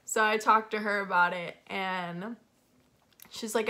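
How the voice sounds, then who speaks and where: A woman's voice: medium pitch, steady tone, unhurried, sharp tone. A young woman casually telling a personal story in a vlog, candid and confessional, with frequent "like" fillers. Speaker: vlogger.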